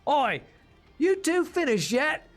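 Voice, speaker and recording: A bossy, spirited young train mechanic woman from a video game, as a man puts her on, lifted well above his usual pitch. She talks briskly in a put-on accent and keeps the crew moving. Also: lively intonation, soft background music.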